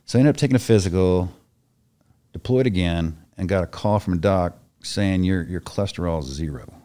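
Man, very low voice, middle-aged, blunt, profane, casual storytelling, acts out quoted voices. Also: brisk, mellow. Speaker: podcast guest, retired special operations soldier.

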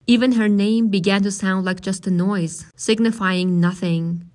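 A woman reading a novel aloud as narrator, in a measured, steady way. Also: medium pitch. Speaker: audiobook reader.

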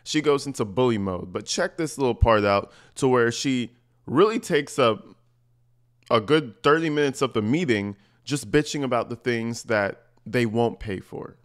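A man's voice: mid-range voice, moderate pace. A man giving casual, sarcastic commentary over video clips, crude and mocking in his asides. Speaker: commentary vlogger.

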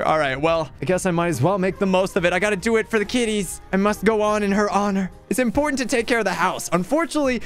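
A young Canadian gaming YouTuber offers playful, dramatic comedic commentary while playing a video game, joking and laughing often. His voice sits high with a fairly bright tone.

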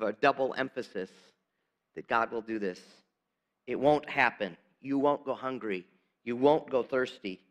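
Male pastor, relaxed conversational sermon, mid-range voice, quiet emphatic drops. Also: mid-range voice. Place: church sanctuary.

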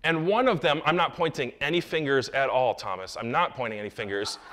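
A man preaching a sermon as pastor, animated, dropping into quiet asides and rising into loud raised lines, with jokey remarks to the congregation. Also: medium pitch, a little fast.

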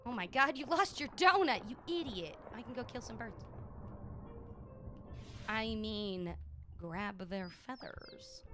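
A woman live-streaming a game, chatting with viewers and playfully yelling at game characters. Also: on the high side, animated, takes it slowly, long pauses, over music.

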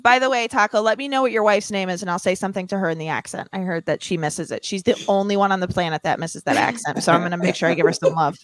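A woman co-hosting a casual panel chat, joking and teasing with quick asides. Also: on the low side, no echo. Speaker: co-host.

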